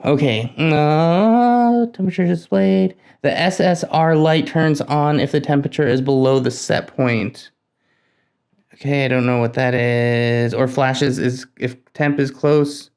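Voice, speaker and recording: A man hosting a casual hands-on build vlog, talking to himself while he works, nervous and excitable. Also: mid-range voice, unhurried, clean tone. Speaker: tech hobbyist host.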